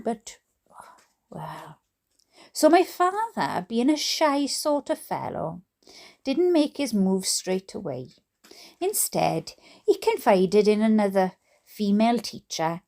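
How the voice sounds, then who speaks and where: A woman's voice: on the high side, a little mellow. A Welsh woman reading a book aloud, breaking off for giggly, chatty asides. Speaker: book reader.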